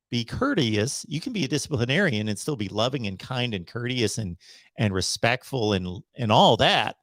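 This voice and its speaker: A middle-aged man hosting a live sports call-in show who talks in a casual, preachy, emphatic way, slowing down to hammer each point. His voice sits at an ordinary pitch for a man. The sound is dry and close, with no room around it. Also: a bit bright, no room sound. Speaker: host of a college football call-in show. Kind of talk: casual livestream monologue.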